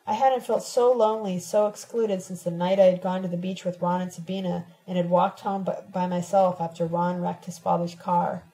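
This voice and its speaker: Woman reading a novel in letters out loud, steady and measured, mellow warm voice. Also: lowish voice, poor audio. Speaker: audiobook reader. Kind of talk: audiobook narration of a novel in letters.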